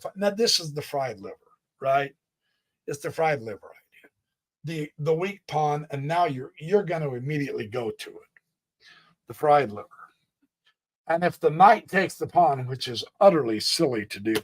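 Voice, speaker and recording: A man hosting a live chess stream, chatty and excitable, calling out moves as he plays them and thinking aloud, a bit sneezy today. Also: on the high side. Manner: chatty, excitable, exclamations and laughs. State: sneezy, stuffed up. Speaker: chess livestream host.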